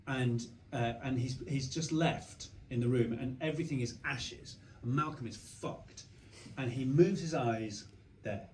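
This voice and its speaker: A man chatting onstage at a screening before a live audience, telling animated anecdotes with lots of restarts. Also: mid-range voice, measured pace, few pauses. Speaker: panel guest. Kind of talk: onstage conversation. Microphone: stage mic recorded from the audience. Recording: roomy hall sound with faint noise.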